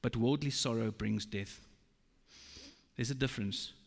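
A man preaching a sermon, slow and emphatic, quoting scripture. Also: medium pitch, vocal fry. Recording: long reverb of a large hall.

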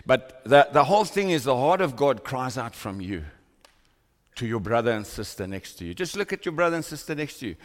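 Fervent preacher in a reverberant hall. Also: male voice, mid-range voice, sing-song, a little fast. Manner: fervent preaching, rising to impassioned cries. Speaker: pastor. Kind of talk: sermon. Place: church hall with congregation. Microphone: microphone on a stand.

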